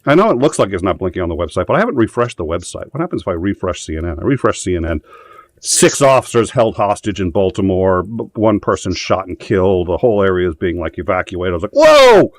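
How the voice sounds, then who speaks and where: Low-voiced rambling male show host. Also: animated, quick pace, no room sound. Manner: rambling, profane storytelling with frequent fillers. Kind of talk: casual live-show chat.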